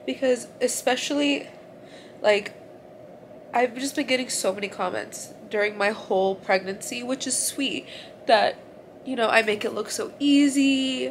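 A woman's voice: on the high side, measured pace, a little hiss or hum. A young woman vlogging from a hospital room after giving birth, tearful and in pain, rambling with many "like"s. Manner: tearful, rambling, says "like" often. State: crying, in pain after surgery. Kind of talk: emotional personal vlog.

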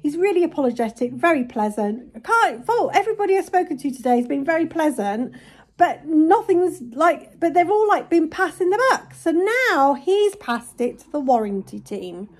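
A woman vlogger venting casually to camera, retelling a frustrating complaint in an exasperated, animated way. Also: high voice, moderate pace.

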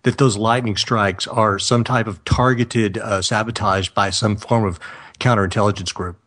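A man's voice: on the low side, fairly even intonation, normal speed, a bit bright. Guy hosting a live internet radio show, easygoing, laughs a lot, cracks jokes about himself. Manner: joking, laughs often, self-deprecating. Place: California.

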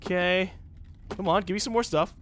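A man giving casual, excitable gameplay commentary with swearing and chatty asides. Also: high-pitched, normal speed, background noise. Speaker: let's-play gamer.

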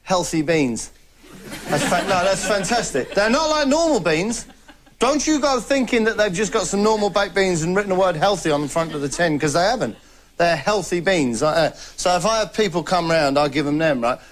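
Rambling British comedy host, fairly high voice. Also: male voice, lively intonation, brisk. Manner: rambling, chatty, laughs between bits. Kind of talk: deadpan stand-up monologue to camera. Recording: clear background noise.

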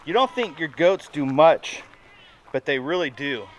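A man with a slightly high voice gives a chatty, folksy farm vlog outdoors. He talks to the camera through a handheld mic and turns excited and sing-song when he talks to his goats. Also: measured pace, a little hiss or hum. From Nebraska, USA. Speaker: homestead vlogger.

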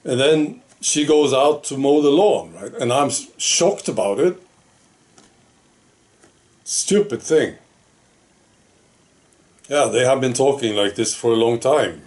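A political vlogger's casual monologue to camera features frequent rhetorical questions and "right?" asides in a conversational style. His voice is medium-pitched, expressive and a little mellow, and he speaks slowly with frequent pauses.

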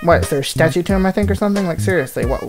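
A woman's voice: lowish voice, lively intonation, racing. Chatty woman with a scratchy voice. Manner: chatty, jokey, rambling asides. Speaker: gaming channel host. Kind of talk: Let's Play commentary. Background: game music.

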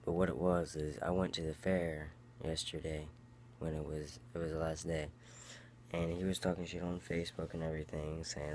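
A young man with a very low voice rambles through a profane story, acting out both sides of the exchange. He talks straight to his viewers in a casual vlog. A faint hum sits under the recording. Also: steady tone, a little fast, darkish tone. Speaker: vlogger.

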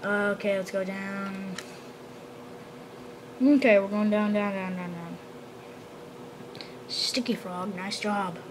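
A woman commenting on her own gameplay, excitable and prone to exclaiming and shouting. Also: mid-range voice, slow, pauses often, background noise. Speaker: gamer.

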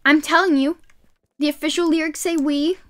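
A woman streaming a game live, excitable and yelling her reactions, her throat sore from shouting. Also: high voice, normal speed.

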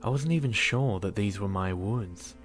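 Deep-voiced man narrating a horror story. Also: moderate pace, faint music behind.

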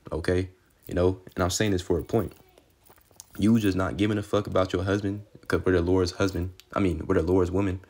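A man's voice: sits low, darkish tone. A young man giving an informal, rambling Bible teaching, cursing freely and tagging his lines with "man" and "okay". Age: young adult. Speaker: street preacher.

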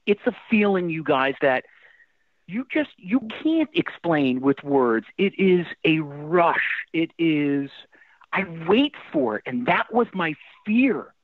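A middle-aged rock singer, a guest in a casual interview, tells stories animatedly with restarts and fillers. His voice is fairly high and slow, coming through a thin, dry, phone-like line with no echo.

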